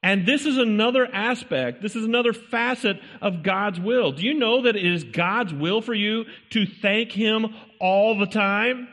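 A man preaching a sermon, pausing often to ask his congregation rhetorical questions. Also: high-pitched, fairly bright tone. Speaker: pastor. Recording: long hall reverb.

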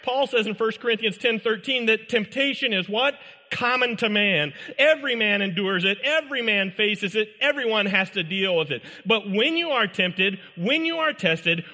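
A man's voice: high voice, bright, forceful tone. A man preaching a sermon emphatically, asking the congregation rhetorical questions. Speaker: pastor. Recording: echoey hall.

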